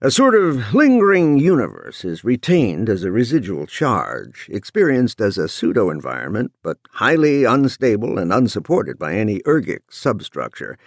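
A man playing a gravelly old ad pitchman. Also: wildly swooping pitch, no room sound, studio quality, heavily acted. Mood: salesy. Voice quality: gravelly, dark. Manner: slow, emphatic commercial pitch. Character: gravelly older male businessman selling in TV ad.

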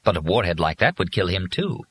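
A man's voice: low voice, sing-song, a little fast, slightly rough, exaggerated voice. A man reading an audiobook, voicing a fussy, servile robot servant with formal, precise speech.

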